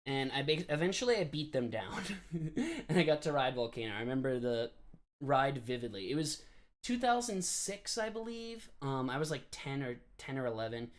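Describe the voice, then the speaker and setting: A man's voice: medium pitch, sing-song, moderate pace. A man in his late twenties from the New York area, chatting casually on a live stream, laughing often and filling his talk with "like" and "um.". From New York area, USA. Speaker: live streamer answering chat.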